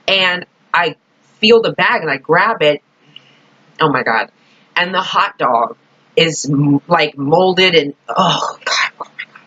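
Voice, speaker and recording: A woman's voice: sits low, animated, takes it slowly, pauses often, sharp tone. A woman vlogging casually, telling rambling stories with frequent swearing and "like". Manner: rambling, profane, full of "like". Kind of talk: casual storytelling vlog. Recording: dull lo-fi recording.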